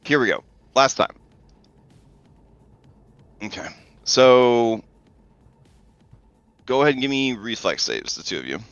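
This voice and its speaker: A man's voice: mid-range voice, big pitch swings, slow pace, long pauses, fairly bright tone, clean tone, no room sound, lo-fi sound, faint music behind. A man narrating a tabletop game as game master in loose, chatty talk, swearing and thinking aloud.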